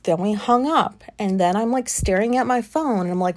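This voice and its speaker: A woman in her late thirties hosts a casual solo podcast, venting in a rambling, profane monologue packed with fillers while sounding anxious and frustrated. Her voice is mid-range and darkish in tone, at normal speed with few pauses.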